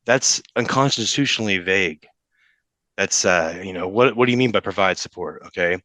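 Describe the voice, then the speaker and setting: A young man with a low, forceful, bright voice talks as a podcast guest, halting and restarting as the emotion catches up with him. The sound is close and dry. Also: no echo. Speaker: podcast guest, father in custody case. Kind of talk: casual interview talk.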